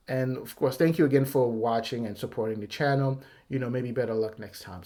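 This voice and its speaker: This man's voice sits in the mid range with a slightly mellow quality. He hosts a giveaway vlog on his own YouTube channel, chatting casually in a rambling, apologetic manner punctuated by nervous laughs.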